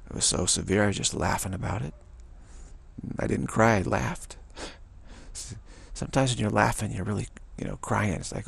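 Brief: low-pitched man, very gravelly and raspy, loose rambling spiritual teacher, folksy with chuckles. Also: moderate pace, dry recording. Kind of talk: extemporaneous spiritual talk.

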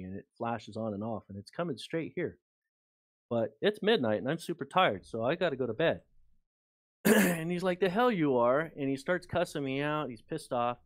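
Man, mid-pitch, casual rambling storyteller, dry close mic. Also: no echo. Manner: rambling, animated anecdote with many fillers. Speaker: guest author and researcher.

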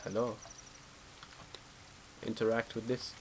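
A man giving casual gameplay commentary as he plays. He gets excited and spooked easily and swears freely. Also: lowish voice, slow, a little hiss or hum. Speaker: let's play gamer.

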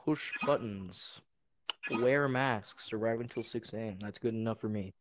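A young man doing casual let's-play commentary, jumpy and swearing, muttering low and then yelping. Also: measured pace, very noisy. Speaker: gaming youtuber.

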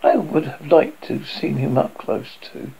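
A man's voice: a little high, animated, normal speed, creaky, dark tone, slightly rough, exaggerated voice, poor audio. A man voicing a kind, earnest young girl who speaks politely and eagerly.

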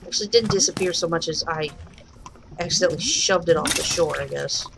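A woman's voice: on the low side, fairly quick, gravelly, noisy background. A woman casually commenting on her own game as she plays, chatting to the animals she meets and squealing when startled. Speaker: let's play host and mod maker.

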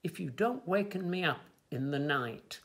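A man voicing a kindly old uncle in a children's storybook, mild and gentle. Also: fairly high pitch, expressive, unhurried.

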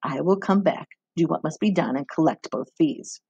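A harsh, greedy midwife speaks with cold scorn and a gravelly, raspy grain. The voice is blunt and dismissive. A woman reading aloud does her in a dry, close recording. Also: sits low, moderate pace, darkish tone, no room sound, muffled recording, exaggerated voice. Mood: cold, scornful.

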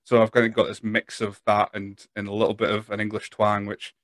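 A man's voice: fairly low pitch, monotone, brisk, a bit bright, no room sound, clean studio sound. A man in his thirties from northeast Scotland with a Speyside Scottish accent, hosting a casual interview podcast in a rambling, self-deprecating way. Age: 30s. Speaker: podcast host.

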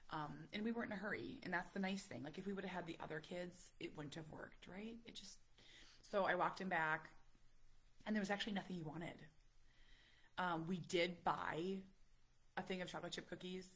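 Mom vlogger, husky and a little low, casual live chat full of "like". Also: female voice, brisk. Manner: chatty, lots of "like", animated storytelling. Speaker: vlogger talking to live viewers.

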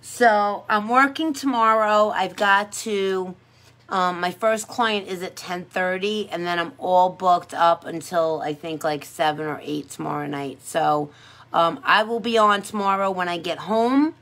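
A woman's voice: lowish voice, measured pace, fairly bright tone. A woman who works as a pedicure technician, chatting casually on a livestream in a sassy, playful way and laughing often.

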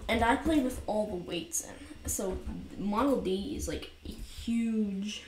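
A woman chatting loosely over her gameplay, stringing thoughts together with lots of fillers and poking fun at herself. Her voice bounces around a bare basement room, with a steady hiss and mouse clicks underneath. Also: mid-range voice, slow. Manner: rambling, filler-heavy, self-mocking, easily frustrated. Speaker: gaming commentator. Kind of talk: casual gameplay commentary. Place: cold basement room by a window. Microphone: new USB desk mic. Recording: roomy echo with noisy background.

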